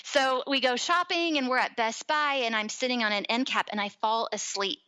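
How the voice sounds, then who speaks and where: This woman in her thirties is a podcast guest recounting something from her own life in casual talk, animated as she acts out what people said. She's a little high-pitched, moves at a moderate pace, and the recording is rough.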